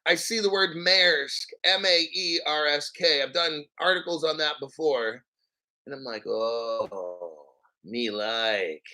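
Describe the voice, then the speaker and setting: A man hosting a crypto livestream, reading an article aloud with profane, sarcastic rambling asides and frequent throat-clearing. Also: a little high, steady tone, a little slow, bright, forceful tone, rough recording. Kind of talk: profane ranting commentary while reading an article.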